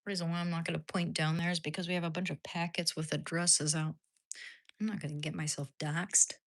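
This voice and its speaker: A woman's voice: lowish voice, level tone, a little fast, dry recording. A woman chatting casually to her live stream audience from home, rambling along with many restarts. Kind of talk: casual livestream chat.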